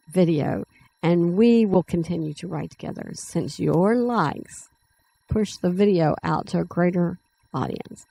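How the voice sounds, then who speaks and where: Woman reading her story draft in a low voice. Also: gravelly, a little mellow, low-quality recording. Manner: plain, unhurried reading with small self-corrections. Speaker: writing channel host. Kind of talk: reading her own story draft aloud and chatting to viewers.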